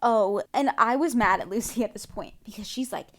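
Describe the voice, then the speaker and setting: A woman with a slightly high voice recaps a TV episode for her podcast in loose, chatty talk. She gasps and exclaims as she goes, with plenty of "like" and "um" along the way. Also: fairly quick. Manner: excitable, reacts loudly with gasps and exclamations; chatty, many "like" and "um" fillers. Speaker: podcast host.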